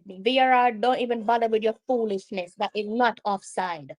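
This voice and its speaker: A woman with a Jamaican accent hosting a live football watch-along, excitable and argumentative, often repeating her complaints at the officials. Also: on the high side, moderate pace. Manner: excitable, argues with the referee, repeats herself.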